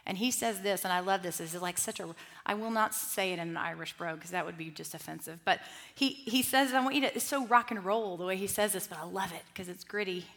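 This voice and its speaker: A middle-aged woman leading a Bible study group, talking in a lively, conversational way with asides and restarts. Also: medium pitch, fast. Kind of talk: teaching talk to a group.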